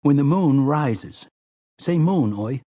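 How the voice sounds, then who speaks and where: A man voicing a thoughtful, guarded boy on a quest who speaks quietly and matter-of-factly. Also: mid-range voice, animated, moderate pace, breathy edge, no echo. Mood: gentle.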